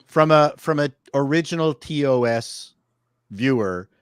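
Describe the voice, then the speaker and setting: A man's voice: a little high, expressive, a little slow, clear, resonant tone, dry recording. Stammering man with a dry, close sound. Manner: stammering, opinionated. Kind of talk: casual panel chat.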